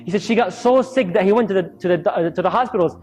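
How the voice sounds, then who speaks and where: A man's voice: high-pitched, fast talker, faint music behind. A man giving a storytelling sermon, acting out the voices of people in his stories. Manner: acts out quoted voices in lively storytelling. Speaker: Islamic speaker.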